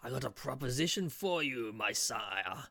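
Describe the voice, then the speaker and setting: A man's voice: mid-range voice, lively intonation, moderate pace, gravelly, bright, forceful tone, no echo, full character voice. A man doing a shifty little street peddler, hobbling up with a wheedling, too-good-to-be-true sales patter. He keeps calling the listener sire, and the voice is dry and close with no room sound. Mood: wheedling pitch.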